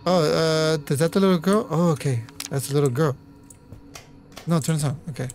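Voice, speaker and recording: A man's voice: a little high, steady tone, moderate pace, darkish tone, soft background music. A man doing let's play commentary on a horror game, jumpy and apologetic, with nervous laughs and a lot of swearing. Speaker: gamer.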